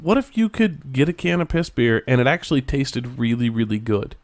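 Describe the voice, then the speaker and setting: A man co-hosting a podcast in casual, profane banter, rambling and laughing easily. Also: medium pitch. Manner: rambling, swears freely, quick to laugh. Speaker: podcast co-host.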